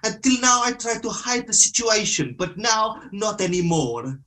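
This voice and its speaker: A man's voice: sits high, big pitch swings, moderate pace, pushed and bright, pitched above the performer's own voice, exaggerated voice. A man doing an impression of an Italian football manager with a put-on Italian accent, ranting at his team. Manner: emphatic, exasperated.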